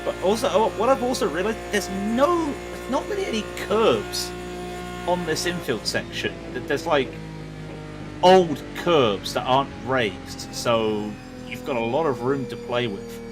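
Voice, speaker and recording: Excitable male co-commentator for a sim race, a bit high-pitched, stumbles over words. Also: measured pace, over music. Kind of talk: live sim-racing commentary.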